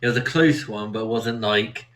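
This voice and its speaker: A man from Somerset with a West Country accent hosts a relaxed chat, rambling through stories. His bright voice carries easily, and he slips into quoted voices as he talks. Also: fairly low pitch, moderate pace. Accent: West Country English. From Somerset, England. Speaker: podcast host. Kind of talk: casual chat, storytelling.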